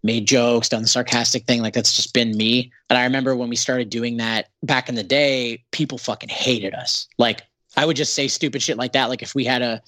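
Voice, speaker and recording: A man's voice: medium pitch, steady tone, a little fast, pushed and bright, no echo. A Canadian man, a band's singer, talking as a podcast guest in a sarcastic, profane, rambling way with lots of fillers. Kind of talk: casual podcast interview.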